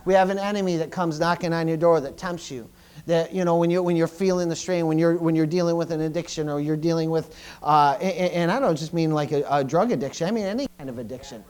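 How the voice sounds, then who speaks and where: A middle-aged male pastor preaching a sermon, often stumbling and repeating words, swinging between loud bursts and quiet asides. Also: fairly high pitch, quick pace, clear, resonant tone.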